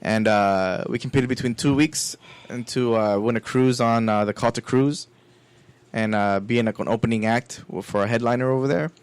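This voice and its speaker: A man's voice: medium pitch, moderate pace, clear, resonant tone, no room sound. A man who does stand-up talking in an easygoing way, with lots of fillers as he tells his story. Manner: easygoing, laid-back, filler-heavy. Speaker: stand-up comedian guest. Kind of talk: casual chat.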